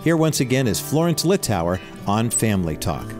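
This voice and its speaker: A man hosting a radio program, reading a scripted introduction in a smooth announcer style. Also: medium pitch, big pitch swings, normal speed. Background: guitar music.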